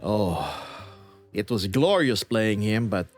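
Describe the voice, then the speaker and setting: A man's voice: fairly low pitch, expressive, slow pace, soft background music. A man from the United States chatting casually on a livestream, rambling playfully and reading chat messages aloud. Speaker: VRChat streamer.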